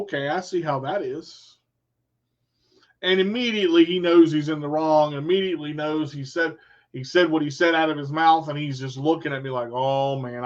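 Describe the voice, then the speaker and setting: A man telling a casual, animated story in folksy phrasing, acting out what people said. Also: fairly high pitch. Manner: animated storyteller, acts out quotes. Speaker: vlogger. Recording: dull lo-fi sound.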